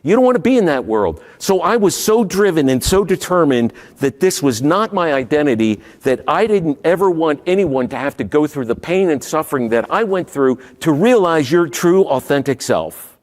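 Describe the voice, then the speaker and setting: A middle-aged man giving a motivational keynote talk, asking the audience questions and swinging from loud to hushed. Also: on the high side, very animated, moderate pace, few pauses. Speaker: keynote speaker. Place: large hall before a live audience. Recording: long hall reverb.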